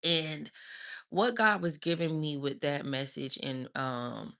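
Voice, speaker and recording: A woman's voice: low voice, takes it slowly, vocal fry, fairly bright tone. A woman preaching on a live stream, emphatic and calling her listeners "y'all".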